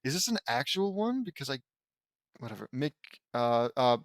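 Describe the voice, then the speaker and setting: A man's voice: mid-range voice, big pitch swings, moderate pace, no echo, studio quality. A man reading fan fiction aloud, breaking off for sarcastic, complaining asides. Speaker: audiobook reader.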